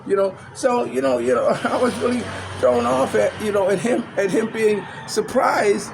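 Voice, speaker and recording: A man's voice: extremely high pitch, fairly even intonation, moderate pace, gravelly, over music. An older man vlogging in a casual, rambling way, chuckling often and leaning heavily on "you know" fillers. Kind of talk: casual vlog commentary. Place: small outdoor hangout spot after tennis.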